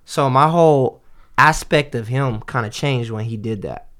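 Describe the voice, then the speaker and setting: A man's voice: medium pitch, normal speed, fairly bright tone. A man co-hosting a podcast, talking casually in a loose, slangy and profane way, rambling with restarts. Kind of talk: casual chat.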